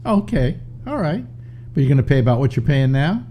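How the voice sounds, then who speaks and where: An older man hosting a call-in talk show, chatting casually with a stuffy nose and many halting restarts. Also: mid-range voice, sing-song, background noise. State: stuffy nose, slightly short of breath. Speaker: radio talk show host. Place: home studio in New York.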